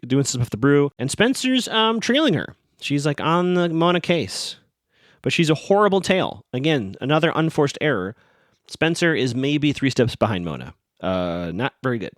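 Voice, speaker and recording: A man podcast host rambles through an episode recap, sarcastic and amused. His pitch jumps around a lot, and the sound is dry and close. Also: a bit bright, no room sound.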